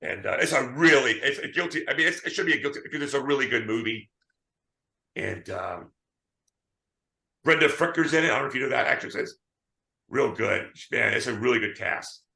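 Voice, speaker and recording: A man's voice: medium pitch, a little fast, creaky, pauses often, echoey room. A man co-hosting a casual movie chat, telling stories animatedly and acting out quotes. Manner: animated storytelling, acts out quotes. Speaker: podcast co-host.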